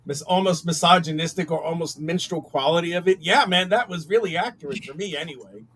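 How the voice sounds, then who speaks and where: A man's voice: fairly high pitch, a little fast, fairly bright tone. A man joking in casual group chat, often mocking himself. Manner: self-mocking joker. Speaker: co-host. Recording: noisy crowd chatter behind.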